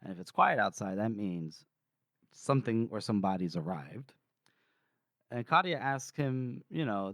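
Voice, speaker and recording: A man's voice: on the low side, expressive, a bit bright, no echo. Man retelling a story, dry close sound. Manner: quotes characters in quick voices, stammers and restarts. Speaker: podcast co-host. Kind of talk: casual book discussion, retelling scenes.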